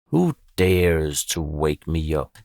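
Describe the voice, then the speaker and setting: A man voicing a tired, grumpy female owl in a storybook, speaking slowly with a mumble. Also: extremely low pitch, big pitch swings, vocal fry, darkish tone, pitched below the performer's own voice, heavily acted. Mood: weary, gruff. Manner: slow, mumbling, scornful.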